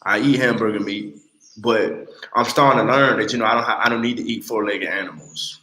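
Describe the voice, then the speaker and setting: A man in his late twenties talking bluntly and with lots of swearing on a casual livestream, telling animated stories. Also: on the low side, a little fast, echoey room, rough recording. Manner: blunt, profane, animated storytelling. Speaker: livestream host.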